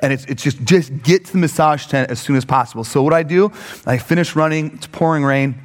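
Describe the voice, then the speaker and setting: Male pastor, fairly high voice, comic storyteller, long hall reverb. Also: fairly quick. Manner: animated, jumps into high mock voices for quoted people.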